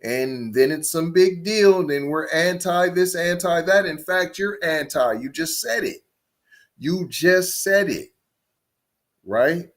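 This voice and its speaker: A man hosting a podcast, reacting to a clip in a confrontational way with rapid rhetorical questions. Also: a little high, a bit bright. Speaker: podcast host. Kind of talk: reaction commentary.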